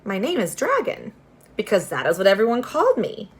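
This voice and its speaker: A woman voicing a gentle, naive young male dragon who speaks earnestly and eagerly in a read-aloud storybook. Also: medium pitch, wildly swooping pitch, brisk. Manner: earnest, eager, a little wistful.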